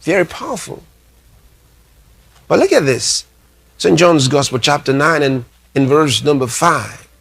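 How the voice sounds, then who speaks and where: A man preaching a sermon, emphatic, repeating his phrases and reading scripture slowly. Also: on the high side, very animated, vocal fry, a bit bright, slightly rough. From Nigeria. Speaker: pastor.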